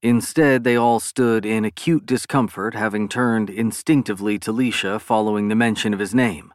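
A man narrating a science fiction novel in a steady, measured reading. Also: on the low side, no room sound, studio quality. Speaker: audiobook narrator. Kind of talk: scripted narration.

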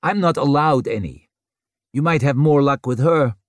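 A man's voice: medium pitch, normal speed, no room sound, clean studio sound, voice pushed up, lightly acted. A man voicing a tired, hard-bitten woman inquisitor who speaks bluntly and bitterly.

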